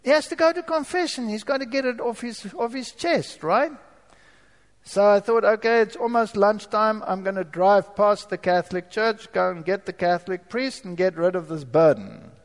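A man giving a dramatic testimony to an audience, moving from quiet asides to forceful outbursts. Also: high voice, moderate pace, in a large hall. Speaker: former professor giving a testimony.

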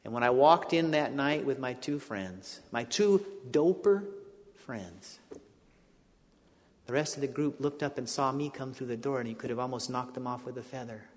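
A man preaching, telling a personal story in an animated way that rises to excited quotes. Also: mid-range voice, moderate pace. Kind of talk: sermon storytelling. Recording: long hall reverb.

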